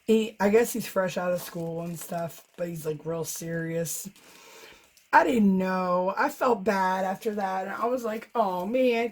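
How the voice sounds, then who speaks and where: A middle-aged woman telling a personal story to her viewers in a casual, chatty way, laughing often as she talks. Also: mid-range voice. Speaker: vlogger, fluid art painter.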